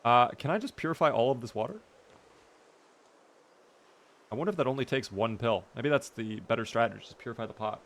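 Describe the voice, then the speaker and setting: A man's voice: mid-range voice, quick pace. A man streaming a game live, chatting casually, teasing his character and answering his chat.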